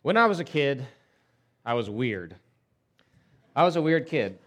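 A man's voice: medium pitch, very animated, unhurried, a bit bright. A male pastor delivering a sermon in a conversational storytelling way, often restarting his words.

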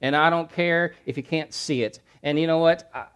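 A man's voice: a little high, normal speed, clear, resonant tone. Emphatic preaching man, rising and falling. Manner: preaching with swelling emphatic repetition and dramatic drops to quiet. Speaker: pastor. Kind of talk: sermon.

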